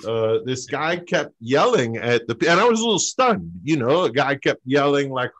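A man doing a stand-up story over a video call, halting, with lots of fillers and pauses. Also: medium pitch, very animated, a bit bright, lo-fi sound. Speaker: stand-up comic.

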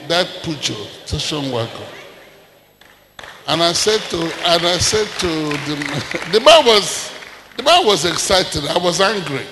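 An older Nigerian man preaching a sermon, telling stories with acted-out dialogue and rising to shouts. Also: a little high, gravelly. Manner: animated storyteller, acts out dialogue, swings to shouting. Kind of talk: sermon with storytelling. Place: large church hall. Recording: echoey church hall with long reverb.

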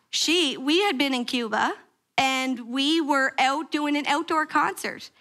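A woman pastor giving a sermon, telling a story with lively acted-out quotes and questions to the congregation. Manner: animated storytelling, acting out quoted prayers with sharp pitch jumps. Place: church sanctuary.

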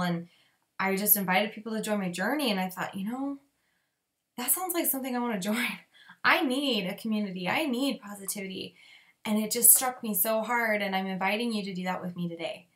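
A woman in her thirties giving a chatty training talk to fellow coaches, full of "like"s and quick laughs. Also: mid-range voice, fairly bright tone. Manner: chatty, many "like"s, laughs often, acts out sample posts. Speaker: fitness business coach.

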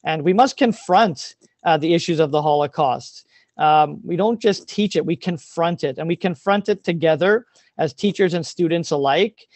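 Man, teacher, earnest and emotional, fairly high voice, dry sound, video call. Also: normal speed, a little mellow, no echo. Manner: earnest and openly emotional, frequent ums. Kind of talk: presentation over a video call.

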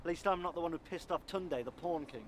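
A sarcastic young man, played by an actor, needles a friend in a slightly high, dry, mocking tone. Faint street noise hangs behind. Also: fast talker, close to an everyday voice. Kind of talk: film acting.

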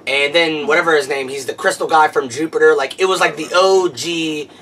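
A man reviewing a movie in casual chat, excitable and gushing, often exclaiming and laughing. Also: on the high side, brisk, recorded from a distance, slight background noise.

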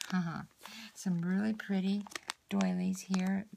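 A woman hosts a casual craft unboxing, gushing over each piece. Her voice carries a heavy gravelly fry, and she often slips into a soft half-whisper. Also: mid-range voice, fairly even intonation, a little slow, a little hiss or hum. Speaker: craft channel host. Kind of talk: casual unboxing chat to viewers.

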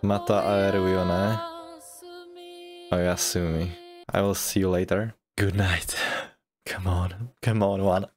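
A man with a low voice talks slowly and casually as he reacts to anime. He gushes and gets excited, leaping into high squeals and laughs before settling back down. Anime music plays clearly behind him. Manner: gushing, excitable, with sudden high-pitched outbursts and laughs. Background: anime music playing.

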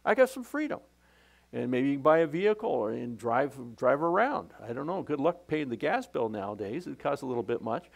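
A man's voice: on the high side, creaky. A middle-aged male pastor preaching a sermon in a conversational, folksy way, often restarting his sentences.

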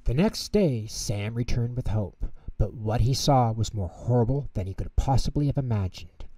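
A man narrating a bedtime story in an expressive, measured way. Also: mid-range voice, no room sound, far from the mic. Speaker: storyteller host.

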